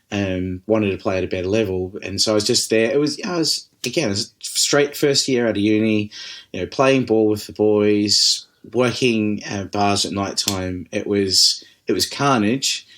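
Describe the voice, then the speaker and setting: A man from New Zealand with a New Zealand accent, an interview guest telling stories in a relaxed, laughing, rambling way. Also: fairly low pitch. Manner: lively, laughing, rambling with restarts and swearing. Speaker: interview guest, distillery managing director. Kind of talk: casual storytelling conversation.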